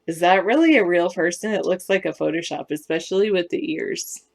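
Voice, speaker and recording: A woman's voice: lowish voice, brisk, creaky, darkish tone. A woman from West Virginia with a Southern Californian accent, chatting casually on a live stream and answering viewer comments in a rambling, self-correcting way.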